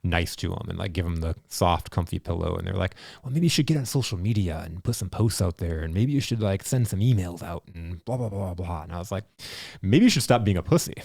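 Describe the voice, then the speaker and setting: Fast-talking deep-voiced man. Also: creaky, no room sound, studio quality. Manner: animated storyteller, blunt and profane. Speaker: podcast host. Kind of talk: casual interview chat.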